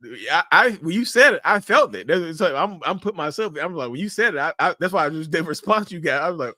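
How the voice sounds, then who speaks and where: Animated, swearing man in a dry recording. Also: fairly quick, dry recording. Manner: animated, acts out reactions with big pitch jumps and laughs. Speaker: interview host. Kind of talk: casual interview chat, swearing.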